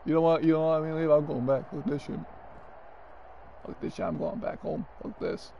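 A man streaming a wrestling game, chatting casually, cursing and yelling at the action. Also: fairly high pitch, fairly quick, creaky, highs cut off, a little hiss or hum. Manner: excitable, profane, yells and laughs at the game. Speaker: gaming streamer. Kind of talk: casual gameplay chat.

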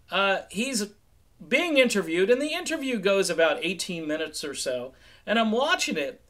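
A middle-aged man from New England with a fairly high voice talks through music news in a relaxed, chatty commentary. He keeps it animated and conversational, now and then dropping into quoted voices. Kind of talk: casual commentary vlog.

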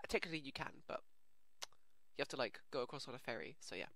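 A young adult with an English accent giving casual commentary on a horror game, easily startled into screaming and then chatting softly with viewers. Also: mid-range voice, animated, fast, no echo. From England. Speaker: let's play gamer. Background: game music.

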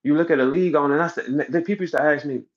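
A man, running a battle rap league, rants boastfully and heatedly on a livestream, profane and brash. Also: very fast. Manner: boastful, brash, profane and heated, voice jumping high when he acts out scenes. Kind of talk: unscripted livestream rant. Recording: slightly dull lo-fi audio.

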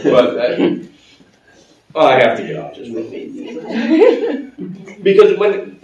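A male pastor with a high-pitched voice speaks slowly, swinging hugely in pitch as he gives a conversational sermon, asking the congregation questions and laughing often. Recorded lo-fi in a church sanctuary from a distant mic, the sound is roomy, with crowd noise audible.

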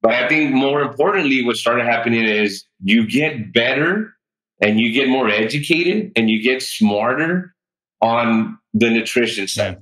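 A man on a podcast, telling his weight loss story in an animated, chatty way and peppering it with "like" and "dude". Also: medium pitch, measured pace, poor audio. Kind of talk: casual interview storytelling.

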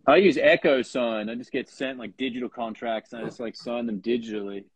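A man's voice: medium pitch, a little fast, slightly rough, no echo. A man co-hosting a casual podcast chat, joking crudely with lots of swearing and mock outrage. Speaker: podcast co-host.

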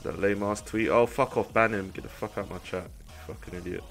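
Irritated, swearing streamer, bright voice. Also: male voice, lowish voice, fairly even intonation, fairly quick, faint music behind. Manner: irritated, profane ranting. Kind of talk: livestream chat to viewers.

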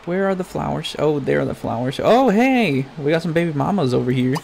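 A man's voice: on the high side, fast talker, creaky, a little mellow, a little hiss or hum. Foul-mouthed exasperated gamer man. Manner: crude, exasperated ranting at the game; swears constantly, talks to his game character. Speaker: gaming YouTuber. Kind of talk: profane Let's Play commentary.

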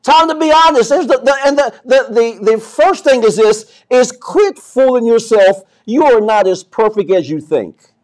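High-pitched lively male preacher. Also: moderate pace. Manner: preaching with big swings from soft to loud; repeats words and restarts often. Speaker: pastor. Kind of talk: sermon.

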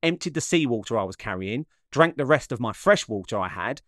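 A man's voice: mid-range voice, lively intonation, a bit bright, no room sound. Dry, close voice-over of a man. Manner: measured, slightly dramatic storytelling. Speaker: vlogger narrating his own run. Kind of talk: reflective voice-over narration.

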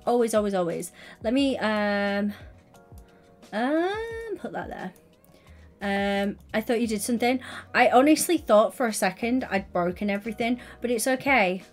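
A woman chatting casually on a gaming livestream, gushing and affectionate as she greets viewers by name. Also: mid-range voice.

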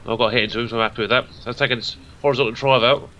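Fast-talking bright-voiced man. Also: medium pitch, steady tone, dull audio. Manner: joking banter, easygoing. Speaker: squadmate. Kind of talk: casual gaming chat.

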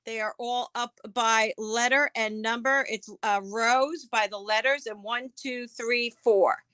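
Slow, chatty woman selling live. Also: fairly high pitch, steady tone, a bit bright, clean tone, dry recording. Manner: chatty, answers viewer comments by name; describes items aloud as she handles them. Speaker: live auction seller. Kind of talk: casual live-stream selling.

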